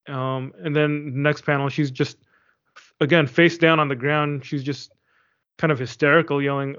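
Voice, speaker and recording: A man's voice: a little high, steady tone, normal speed, fairly bright tone. A man in a casual book discussion, talking in a hesitant way and searching for his words. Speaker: discussion participant. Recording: dull lo-fi sound.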